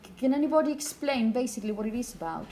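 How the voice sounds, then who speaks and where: A woman's voice: fairly high pitch, lively intonation, racing, dark tone, slight background noise, poor audio. Woman teacher lecturing a class. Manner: explanatory, asks the class questions.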